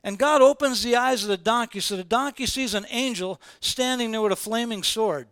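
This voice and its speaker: A man preaching a sermon as informal, animated storytelling, repeating phrases for emphasis. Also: very high-pitched, moderate pace, clean tone, no echo. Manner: animated, repetitive, colloquial storytelling.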